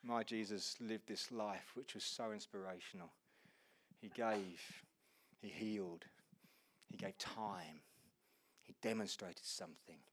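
A man preaching a sermon with passion, swinging from loud exclamations to hushed, slow passages and speaking earnestly to his congregation. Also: on the low side.

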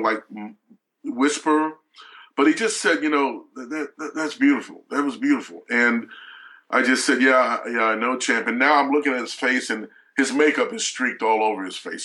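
Middle-aged male guest, bright tense tone, storytelling with halting restarts. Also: mid-range voice, poor audio. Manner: halting, with frequent restarts and fillers. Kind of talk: emotional storytelling.

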